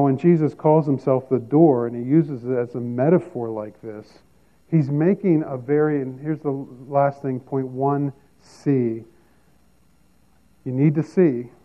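A man preaching a sermon as a pastor, teaching emphatically and repeating key phrases. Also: on the high side. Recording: tinny phone-like sound.

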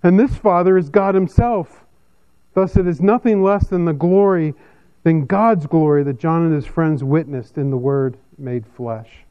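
Man preaching, dull lo-fi recording. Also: clear, resonant tone. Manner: measured expository preaching, lively pitch swings. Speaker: pastor. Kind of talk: sermon.

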